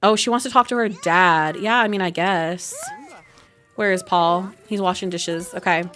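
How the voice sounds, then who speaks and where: A young woman casually commenting while she plays a life-sim game, chatty and giggly, breaking into high squeals over cute moments. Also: steady tone, moderate pace, a bit bright, faint music behind. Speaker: gaming video creator. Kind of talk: casual let's-play commentary.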